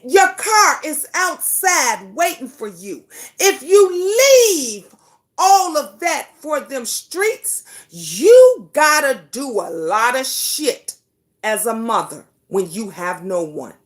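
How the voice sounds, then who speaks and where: A woman hosting a livestream talk show, speaking fervently, swearing freely, addressing viewers by name, and hammering home repeated rhetorical questions. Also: high voice. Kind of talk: impassioned casual livestream talk.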